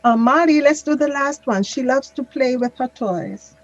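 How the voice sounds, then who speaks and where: A woman's voice: high voice, normal speed, dull audio. A woman teaching a grammar class, patiently correcting a student and drilling pronunciation. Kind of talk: online class instruction.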